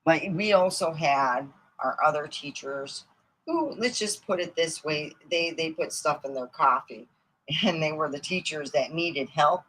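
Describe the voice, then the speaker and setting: A woman's voice: low-pitched, a little slow, fairly bright tone, husky, low-quality recording. A middle-aged woman telling rambling, profane comic stories from her own life and laughing at them as she goes. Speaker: comedian. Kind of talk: casual storytelling monologue.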